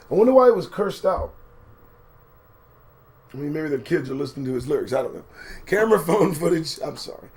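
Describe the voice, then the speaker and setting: Animated, profane man hosting a show. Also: a little high, a little fast, long pauses. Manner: animated, profane, sarcastic riffing. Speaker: show host. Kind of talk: casual live-stream commentary.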